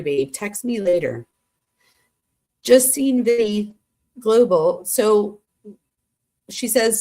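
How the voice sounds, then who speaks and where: A woman hosting a true crime channel, reading text messages aloud and breaking off with shocked asides. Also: medium pitch.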